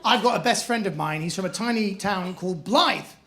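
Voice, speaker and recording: A man's voice: high voice, a little fast, fairly bright tone. A man doing a stand-up comedy set on a club stage, telling self-mocking stories in a posh manner. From England. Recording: live club with audience noise.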